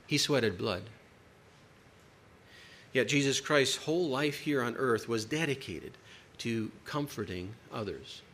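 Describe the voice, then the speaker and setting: Emphatic male preacher, lively pitch. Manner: emphatic, varied delivery with dramatic pauses. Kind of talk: sermon.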